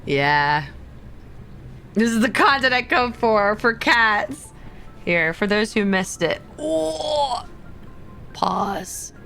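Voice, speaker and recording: A woman streamer in casual livestream chat, talking in soft, drawn-out baby talk to her cat. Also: fairly high pitch, very animated, creaky, faint music behind.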